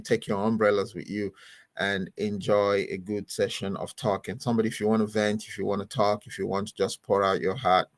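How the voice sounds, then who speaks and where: A man's voice: fairly low pitch, dry recording. A man hosting a podcast as pastor, rambling and chatty in a casual sign-off. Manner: rambling, chatty, often laughing. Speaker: host.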